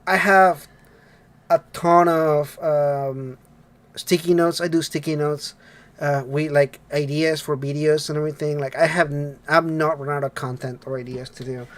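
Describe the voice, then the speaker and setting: A man's voice: fairly high pitch, fairly even intonation, unhurried. A man hosting a casual podcast, laughing often and rambling with many fillers. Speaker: podcast host. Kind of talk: casual chat.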